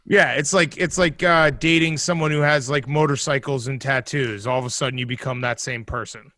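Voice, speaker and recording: A man's voice: medium pitch, fairly even intonation, brisk, pushed and bright, no echo. A man co-hosting a casual podcast chat, trading teasing jokes. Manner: teasing, joking banter. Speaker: podcast co-host.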